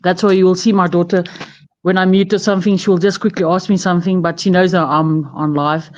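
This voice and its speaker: A woman's voice: fairly low pitch, fairly even intonation, fairly quick, a little mellow, lo-fi sound. South african lady chatting on her phone from bed, rambly, laughs a lot. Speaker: guest on a live stream. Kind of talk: casual chat. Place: lying on her bed at home.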